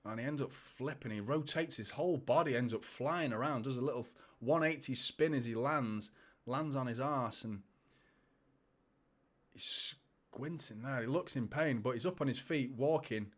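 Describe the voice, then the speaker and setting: A man's voice: medium pitch, normal speed. A man, hosting a live football watchalong, chatting casually and laughing as he reads viewer comments. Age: 30s.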